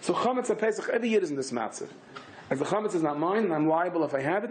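Man, rabbi, Torah class, fairly high voice, emphatic bursts, Hebrew and Yiddish words in English, faint background hiss. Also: expressive, rapid-fire.

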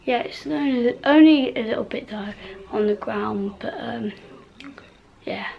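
A woman's voice: on the high side, normal speed, gravelly, mellow, poor audio. Rambling young woman vlogging at home. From United Kingdom. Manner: rambling, lots of fillers and trailing off. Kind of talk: casual vlog talk. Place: home bedroom, indoors.

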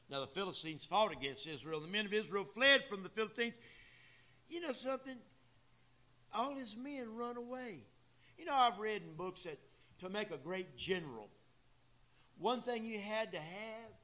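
A high, bright, forceful voice carries this pastor's church sermon. He's emphatic and plain-spoken, speaking directly to the congregation and adding folksy asides.

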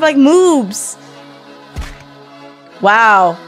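A young woman giving excitable let's play commentary, whooping and yelling at the game. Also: high-pitched, unhurried, faint music behind. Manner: excitable, loud whoops and squeals. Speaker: gaming YouTuber.

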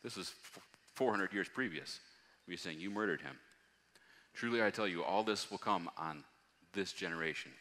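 A man preaching a sermon, reading scripture aloud and rising to loud, emphatic passages. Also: deep voice, normal speed, long pauses. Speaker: pastor. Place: church hall. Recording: long hall reverb.

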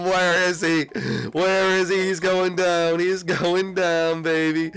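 A young man giving excited gameplay commentary, hyped and repetitive, trash-talking and shouting in triumph. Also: a little high, measured pace, hardly any pauses, smooth, faint music behind. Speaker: gaming YouTuber.

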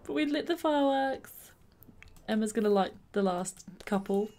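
A woman hosting let's play commentary, bubbly and excitable, sometimes dropping into soft whispers. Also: a little high, normal speed. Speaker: gaming channel host.

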